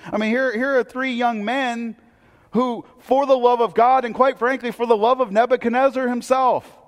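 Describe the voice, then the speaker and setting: A pastor speaks in a very high voice with fairly even intonation and normal speed, his sermon echoing through a large hall. He's earnest and often repeats a word when opening a sentence.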